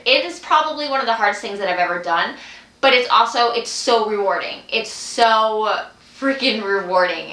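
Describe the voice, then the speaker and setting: A young woman talks excitedly into the camera, her voice bright and a little high. She gushes and repeats herself, and the room around her is echoey. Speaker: vlogger, clothing sales consultant. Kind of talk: excited direct-to-camera vlog.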